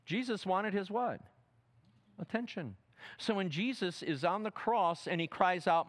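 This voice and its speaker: A man teaching a sermon seminar, dramatic, asking the audience questions and swinging from loud emphatic quotes to soft asides. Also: high-pitched, sing-song, measured pace. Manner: asks the audience fill-in questions. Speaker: preacher.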